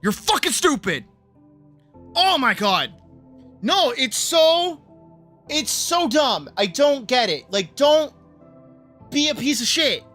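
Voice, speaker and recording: A streamer on a livestream, ranting hard with a bright, sharp voice. The pitch jumps all over as they go from grumbling to shouting, with swearing throughout. Soft music plays quietly in the background. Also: very animated, slow, pauses often. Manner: profane, heated ranting that swings between mutters and shouts. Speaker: streamer and animator. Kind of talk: casual livestream rant.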